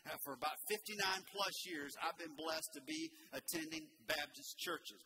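An older man in his sixties preaches with a high, bright-toned voice, telling folksy stories. He swings between loud, emphatic lines and hushed asides. Steady background noise fills the church room. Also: moderate pace, few pauses. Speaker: pastor. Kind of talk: sermon. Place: church sanctuary.

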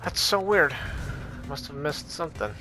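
A little high and very animated, with a sharp tone and moderate pace, this man gives rambling, playful commentary on his gameplay as a YouTuber. He talks to himself and makes goofy sounds over the game's music.

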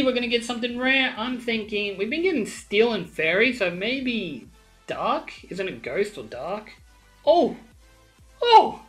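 A young woman hosting her channel, chatting casually and swearing often as she opens card packs for viewers. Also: lowish voice. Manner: excitable, swears a lot, chatty asides to viewers. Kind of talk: casual pack-opening commentary.

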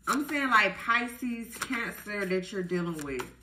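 A woman giving a casual tarot reading to viewers, chatty and animated, full of fillers. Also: mid-range voice, takes it slowly, echoey room, a little hiss or hum, low-quality recording. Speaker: tarot reader.

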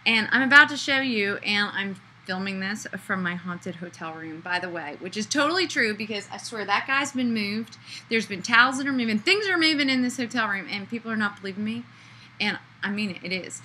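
A woman author chatting excitedly from a hotel room, gushing with enthusiasm. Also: mid-range voice, brisk, slight background noise, low-quality recording. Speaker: children's book author. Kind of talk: casual excited video chat.

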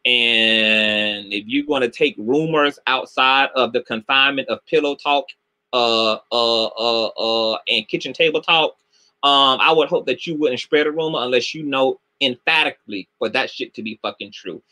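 A middle-aged man hosting a livestream commentary show, animated and sassy, swearing heavily and greeting viewers by name. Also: mid-range voice, normal speed.

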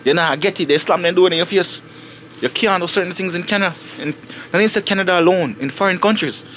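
A man with a Jamaican accent talking casually to camera for his family vlog outdoors in the snow, animated and preachy, slipping into patois. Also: high-pitched, fast, a little hiss or hum. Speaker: family vlogger.

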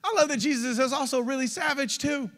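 Pastor guy preaching, high voice, keeps asking the crowd questions, long church hall echo. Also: brisk, a bit bright. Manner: exhorting, rhetorical questions to the congregation. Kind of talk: energetic sermon. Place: church sanctuary.

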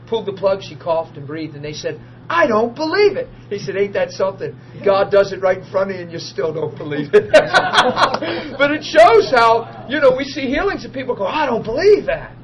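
A man with a somewhat high voice preaches informally to a small group in a meeting room, telling lively testimony stories, acting out the quoted voices and laughing often. It's a dull lo-fi archive recording with faint hiss.

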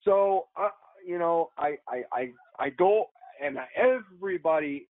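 An animated man tells a story on a podcast, tossing in "dude" and "bro" as he goes. His voice sits a little high for a man. It comes through a tinny, phone-like line with a dry sound. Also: measured pace, no room sound. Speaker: actor and podcast guest.

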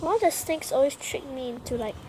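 A woman's voice: high voice, expressive, brisk, very noisy. A woman giving casual commentary while playing a game, chattering nervously, putting herself down and bursting into exclamations. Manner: nervous, self-deprecating chatter with frequent exclamations. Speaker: gameplay vlogger.

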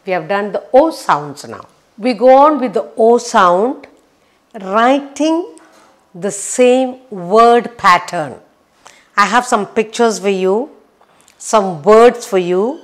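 A woman teaching a children's phonics lesson, sounding out letters slowly and repeating each one. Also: medium pitch, expressive.

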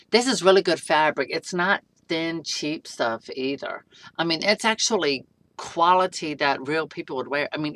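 Gushing low-voiced woman doll reviewer. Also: a bit bright, no room sound. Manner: gushing, breathless exclamations. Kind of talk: excited unboxing review.

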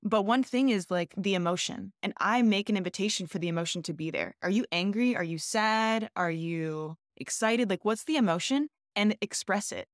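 A woman's voice: medium pitch, moderate pace, few pauses, dry recording. Woman talking earnest and open in an interview, lots of "like", mid voice, dead dry room. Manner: earnest, open, with many restarts and "like". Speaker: shibari artist, guest. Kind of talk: reflective conversational interview.

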